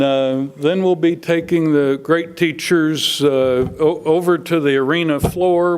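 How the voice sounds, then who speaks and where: A man's voice: a little high, clear, resonant tone. A man acting as emcee, wrapping up an awards evening in a casual, hesitant way with many fillers. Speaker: event emcee. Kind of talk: closing remarks at an event.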